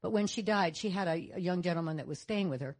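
Chatty older woman, low husky voice. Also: quick pace. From Nevada. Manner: chatty, animated storyteller. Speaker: panel guest actress. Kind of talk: audience Q&A chat. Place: event stage with audience.

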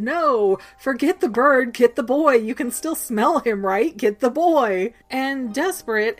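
A woman hosting a podcast, recapping a book in a chatty, playful way with side comments. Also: mid-range voice. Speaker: podcast host. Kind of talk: casual book recap chat.

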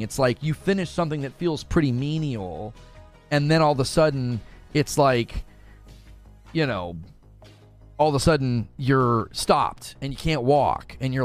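Animated, argumentative male game streamer. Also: medium pitch. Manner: animated, argumentative, repeats words while rushing ahead. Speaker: gaming streamer reading chat. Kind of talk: casual livestream chat.

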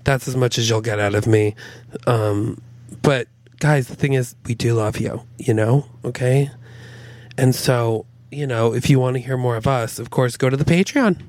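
A man's voice: medium pitch, normal speed, no room sound. A man co-hosting a comedy podcast, telling an improvised comic story and acting out the voices in it. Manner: animated, acts out voices in his story. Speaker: podcast co-host.

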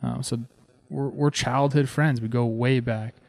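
A man in his thirties from Southern California recounts his playing days while talking over game footage. He speaks in an animated, excited way and keeps dropping "man" into his sentences. His mid-range voice sounds dry and close. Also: mid-range voice, measured pace, vocal fry, dry recording. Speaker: former pro baseball player hosting a video series.

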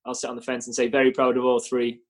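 A man's voice: mid-range voice, monotone, quick pace. A young Welsh man with a Welsh accent, chatting casually and modestly on a podcast, with lots of fillers. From Wales. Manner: modest, filler-heavy, laughs easily. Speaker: guest rugby player.

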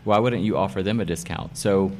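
Speaking fairly quickly, a very low-voiced middle-aged man discusses his hairdressing work as a guest in a relaxed interview. He's animated and emphatic, repeating key phrases, while a faint hum of noise lingers behind him.

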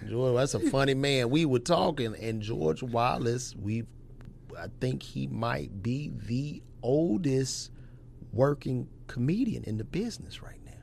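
A man talking as a comedian guest on a podcast, animated, joking and swearing in casual chat. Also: mid-range voice, measured pace, vocal fry, a little hiss or hum.

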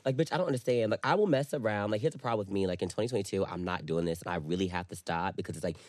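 A man's voice: low-pitched, racing, a little mellow, dry recording, studio quality. A man co-hosting a podcast in casual chat, candid and profane, retelling things dramatically. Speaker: podcast co-host.

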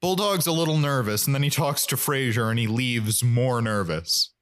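A man's voice: medium pitch, moderate pace, fairly bright tone. Chatty man recapping a sitcom. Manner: chatty, laughs often, searches for words. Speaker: podcast co-host. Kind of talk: casual chat recapping a TV episode.

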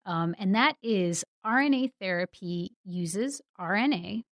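Woman editor explaining science clearly. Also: medium pitch, animated, unhurried, a bit bright, dry recording, studio quality. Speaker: news site editor.

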